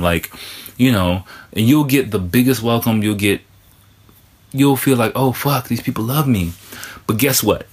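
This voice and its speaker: A man with a fairly low voice talks straight to his listeners in a loose, casual monologue. He is candid and drops curse words freely, like someone chatting on his own podcast. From foreign resident of Japan.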